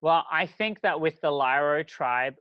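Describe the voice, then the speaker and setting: A man's voice: a little high, a little slow, smooth, no room sound. A man co-hosting a podcast, chatting casually with lots of ums and restarts. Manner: chatty, many ums and restarts, warmly encouraging. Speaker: podcast co-host. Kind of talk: casual chat recapping a reality show. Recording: dry, slightly muffled sound.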